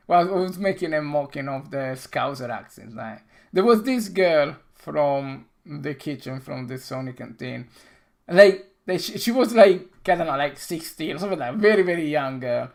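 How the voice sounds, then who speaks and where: A middle-aged man hosting a game dev stream, chatting casually with halting, non-native phrasing and frequent restarts. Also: fairly high pitch, lively intonation, creaky. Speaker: game developer and stream host.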